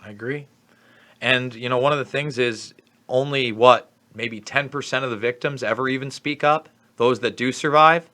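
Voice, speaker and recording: A man's voice: medium pitch, moderate pace, sharp tone. A man interviewing a guest, speaking in an agreeable, supportive way. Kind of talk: interview conversation.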